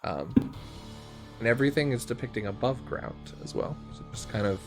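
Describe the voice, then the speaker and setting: A young man narrates a tabletop game as game master, casual and full of ums and likes. His pitch is mid-range, and light music plays underneath. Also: very animated, moderate pace. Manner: casual, filler-heavy narration.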